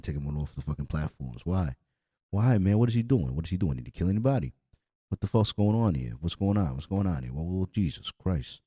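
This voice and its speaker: A man's voice: rumbling low, mellow, slightly rough, no room sound, studio quality. A young man hosting a podcast in a casual, blunt and profane rant. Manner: blunt, profane, repetitive, heated. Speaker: podcast host.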